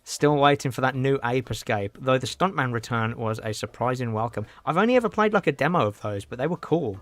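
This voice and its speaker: A man's voice: medium pitch, lively intonation, a little fast, a bit bright, no room sound. A man chatting casually on a game livestream, rambling and answering his chat. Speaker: game streamer.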